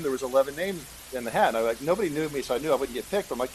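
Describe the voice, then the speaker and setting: Fast-talking middle-aged man. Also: medium pitch, slight background noise, low-quality recording. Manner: animated, acts out quoted voices, chuckles often. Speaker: guest, state senator. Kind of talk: casual storytelling in a podcast interview.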